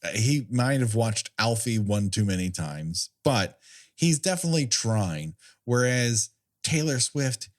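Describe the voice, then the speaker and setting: A man's voice: medium pitch, animated, measured pace. A man co-hosting a podcast, chatting casually and jokily about a film, laughing often. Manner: jokey, laughs often, slips into mock voices. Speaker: podcast co-host. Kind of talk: casual comedic film discussion.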